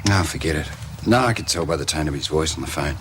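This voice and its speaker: An actor playing a driven, shady businessman in a 1980s TV soap, brisk and fawning on the phone. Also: very deep voice, a bit bright, a little hiss or hum. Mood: tense. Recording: soap clip with music behind.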